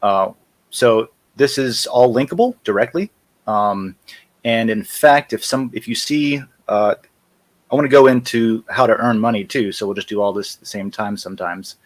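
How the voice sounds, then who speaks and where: Relaxed low-voiced man demoing software. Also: normal speed. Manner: casual, self-correcting while clicking through screens. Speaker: host. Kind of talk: live-stream software demo chat.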